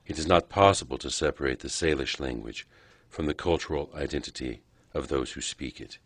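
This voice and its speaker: A man narrating a documentary in a solemn, steady scripted style. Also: a bass voice, brisk, no room sound.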